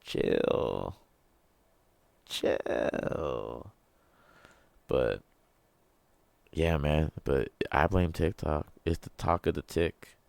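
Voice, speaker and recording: A man with an extremely deep, gravelly voice rambles through a casual solo rant, loose and joking, cursing freely. The sound is dry and close, with no room around it. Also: takes it slowly, dry recording. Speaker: podcast host.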